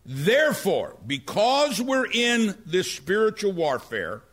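Animated high-pitched male preacher. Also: slow pace. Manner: animated storytelling preacher, rising to near-shouts. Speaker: pastor. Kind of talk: sermon.

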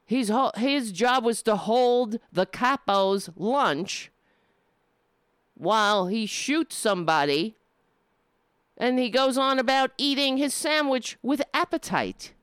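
A woman's voice: on the high side, animated, fairly bright tone, clean tone, dry recording, studio quality. A woman giving an indignant opinion monologue, often stumbling and restarting as she builds her point. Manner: impassioned, indignant, with halting restarts.

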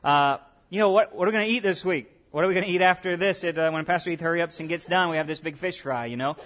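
A man's voice: a little high, quick pace, fairly bright tone. A male pastor preaching a conversational sermon, often repeating himself and putting questions to the congregation.

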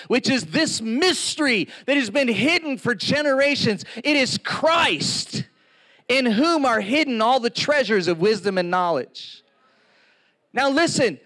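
High-voiced man preaching animatedly. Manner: animated storytelling with acted-out quotes. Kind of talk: sermon.

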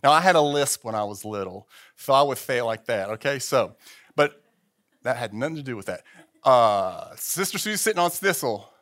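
A man's voice: medium pitch, normal speed. Man, 50s, pastor, conversational sermon, restarts, church. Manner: conversational, animated, with repeated restarts.

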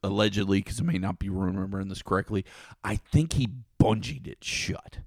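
A man's voice: low voice, a little fast, vocal fry, no echo, studio quality. A man co-hosting a podcast, telling profane stories in casual chat and acting out the quotes. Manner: profane, animated storytelling with acted quotes. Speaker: podcast co-host.

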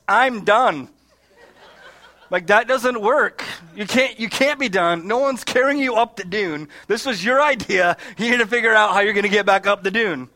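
A man's voice: high voice, bright, forceful tone. A man from Michigan preaching a sermon, telling a story with quoted asides and frequent restarts. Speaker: pastor.

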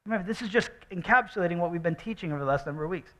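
A man's voice: high voice, animated, very fast, few pauses, a bit bright. A young adult man preaching a sermon as pastor, talking in a loose, conversational way with sarcastic asides.

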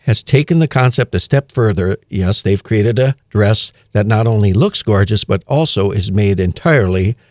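A man hosting a radio music show, chatting casually with many fillers and reading news items aloud with quiet amusement. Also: on the low side, moderate pace, hardly any pauses, no echo, studio quality. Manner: relaxed and chatty, with frequent "uh" fillers and chuckles.

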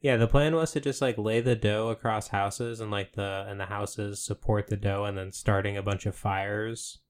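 A man co-hosting a comedy podcast with a low voice. He talks deadpan, building silly bits as if they were serious. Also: moderate pace, slight background noise. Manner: deadpan, spins absurd bits. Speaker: podcast co-host. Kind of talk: casual comedic chat.

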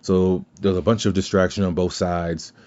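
Low-voiced man rambling in casual chat. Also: level tone, moderate pace, darkish tone. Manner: rambling, profane, many restarts. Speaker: podcast host. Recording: slightly dull lo-fi sound.

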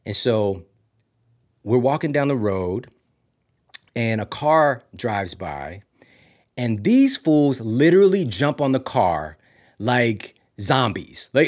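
A man from Missouri hosting a podcast, telling a story casually with big swings from loud to hushed. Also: medium pitch, sing-song, slow pace. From Missouri, USA. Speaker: podcast host.

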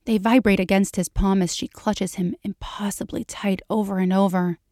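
A woman reading a fan fiction story aloud in a steady storytelling manner. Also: mid-range voice, normal speed, no echo, clean studio sound. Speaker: reader.

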